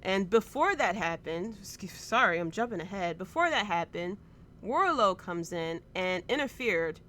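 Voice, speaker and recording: A woman in her thirties hosts a casual wrestling podcast, recapping a show emotionally and ramblingly with plenty of fillers. Her mid-range voice is lively in intonation, moderately paced, pushed and bright, with a little hiss or hum in the background.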